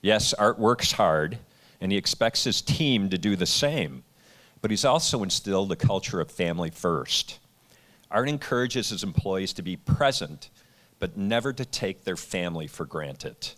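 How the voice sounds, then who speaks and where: Deep-voiced man presenting an award. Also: animated, a bit bright. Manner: measured, reads a scripted tribute. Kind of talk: prepared introduction speech.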